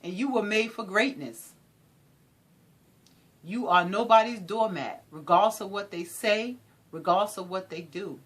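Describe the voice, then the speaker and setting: A woman giving an inspirational talk in an animated, preacherly way, repeating phrases for emphasis. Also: medium pitch, unhurried, pauses often, slightly rough. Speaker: motivational speaker.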